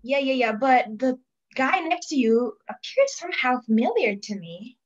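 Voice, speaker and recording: Woman, show host, playful comic skit, high-pitched, dull lo-fi sound. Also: very animated, normal speed. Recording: dull, lo-fi audio.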